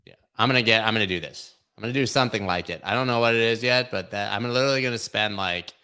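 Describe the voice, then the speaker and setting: A man's voice: lowish voice, fast, bright, forceful tone, clean tone. A man hosting a casual livestream chat, rambling and joking with lots of filler words. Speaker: host.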